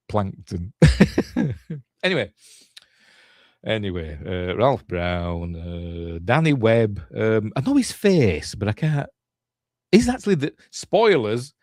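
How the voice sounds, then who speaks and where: Yorkshire man, low-ish voice, chatty host riffing over a film, dry close recording. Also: a little mellow, no room sound. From Yorkshire, England. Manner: rambling, chatty, with chuckles and loose asides. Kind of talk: casual running commentary over a film.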